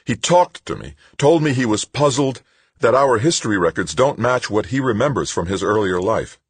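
A man's voice: medium pitch, expressive, normal speed, husky, no room sound, pitched above the performer's own voice. A man voicing an anxious, confused hospital patient who pleads and frets. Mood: distressed. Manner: pleading, rattled.

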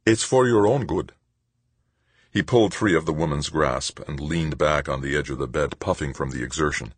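A man narrating an audiobook with expressive storytelling. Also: very deep voice, brisk, husky, no echo. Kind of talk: scripted narration.

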